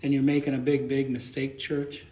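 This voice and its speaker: A man's voice: medium pitch, flat delivery, moderate pace, warm tone, roomy sound. A man preaching a conversational sermon as pastor, plain-spoken and folksy, often repeating words as he thinks aloud.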